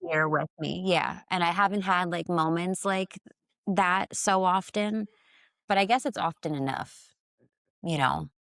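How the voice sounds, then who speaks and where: A woman's voice: fairly low pitch, measured pace, dry recording, clean studio sound. A young woman co-hosting a casual faith podcast, reflectively sharing a personal testimony. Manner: reflective, soft-spoken testimony. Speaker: podcast co-host.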